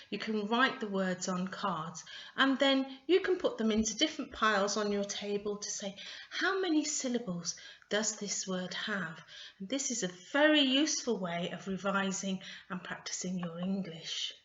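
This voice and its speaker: A woman's voice: medium pitch, expressive, normal speed, fairly bright tone, echoey room, dull audio. A woman tutor giving an English lesson, patient and stressing each word.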